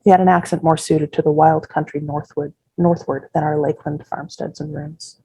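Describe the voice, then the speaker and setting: Author reading her novel aloud; husky, dark, measured woman's voice. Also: deep voice, fairly even intonation, no echo, poor audio. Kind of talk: first-person fiction reading.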